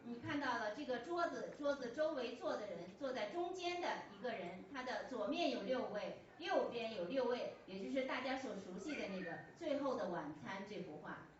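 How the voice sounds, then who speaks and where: A woman interprets a preacher line by line, often pausing with fillers and restarting words. Her voice sits fairly high and comes from far off in a booming church hall. The recording is dull, with a faint steady hum. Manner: hesitant, frequent fillers and restarts. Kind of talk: consecutive sermon interpretation.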